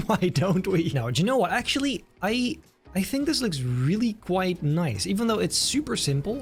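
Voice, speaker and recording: A man's voice: on the high side, vocal fry. A man giving casual, enthusiastic commentary as he builds in a game, chatty and self-mocking. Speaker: gaming video creator.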